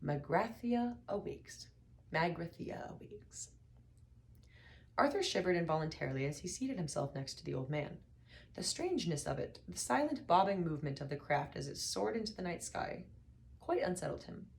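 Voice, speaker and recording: A woman reading a novel aloud as narrator, in a measured, dry way. Her voice sits very low for a woman. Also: big pitch swings, gravelly, a little hiss or hum. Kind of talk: audiobook reading.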